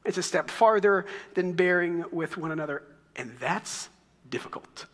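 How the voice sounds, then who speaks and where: A pastor with a Texan accent preaching a sermon in a conversational, storytelling way, with light asides. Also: male voice, sits high, expressive, normal speed, a bit bright, big-room sound.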